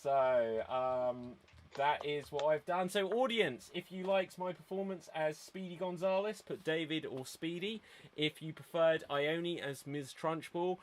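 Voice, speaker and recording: A man hosting an online improv show over a video call, brisk and chatty, laughing often. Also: a little high, a little hiss or hum.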